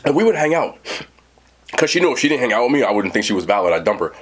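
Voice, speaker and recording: A man with a mid-range voice and a breathy edge talks fast while hosting a mukbang, casually telling a story to his live chat. He's animated and addresses his viewers directly.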